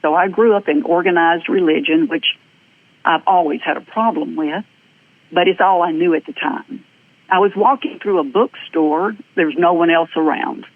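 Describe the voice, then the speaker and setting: A middle-aged woman with a Southern US accent, recounting her own experiences as an interview guest. Her telling is lively and earnest, with plenty of ums and uhs along the way. The sound is thin and phone-like, as if it came over a remote call. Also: fairly low pitch, normal speed. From American South. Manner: lively, earnest storyteller with frequent fillers. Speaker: guest, energy practitioner. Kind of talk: personal storytelling in an interview. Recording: tinny phone-like audio.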